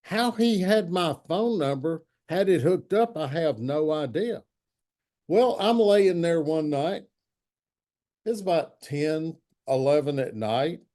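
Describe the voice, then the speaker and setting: A man's voice: fairly high pitch, lively intonation, slow, dark tone. A man in his sixties, a longtime football writer, telling anecdotes in an interview and acting out quotes. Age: 60s. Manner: anecdotal, acts out quotes in other voices. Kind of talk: storytelling interview chat.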